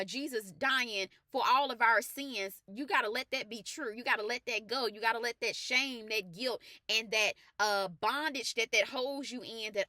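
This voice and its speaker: A faith life coach shares her personal testimony in a lively, conversational style that shifts into earnest preaching full of repeated, emphatic phrases. Her voice sits a little high, and the studio-quality recording has no room sound.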